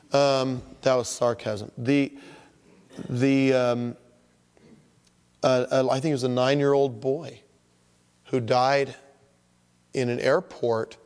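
A man's voice: medium pitch, big-room sound. A man preaching a sermon, acting out the voices of people who complain about their troubles. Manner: animated, acts out voices of complainers. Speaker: pastor.

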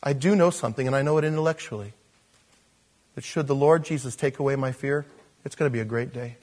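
A man preaching a sermon in an animated, self-deprecating way, chuckling and acting out voices when he quotes people. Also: mid-range voice, fast talker. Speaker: pastor.

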